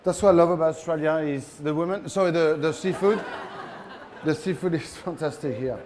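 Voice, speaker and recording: Brisk and playful, a chef with a French accent teases the large crowd watching his live cooking demo. His slightly high male voice has a bit of mellowness, and there's a little hiss or hum.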